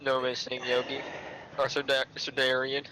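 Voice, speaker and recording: A man's voice: medium pitch, completely flat delivery, moderate pace, crowd noise, rough recording. A man playing in a casual tabletop game with friends, joking and laughing a lot. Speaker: player.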